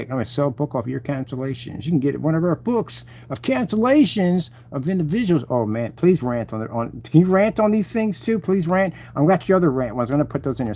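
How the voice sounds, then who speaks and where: A man's voice: medium pitch, mellow. A man hosting his channel, mocking and taunting his rivals in a rambling live-stream rant.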